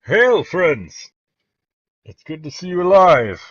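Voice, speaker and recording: A man voicing a hearty, friendly male soldier who calls out loudly and talks briskly, in a tabletop game. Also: fairly low pitch, animated, husky, highs cut off, full character voice.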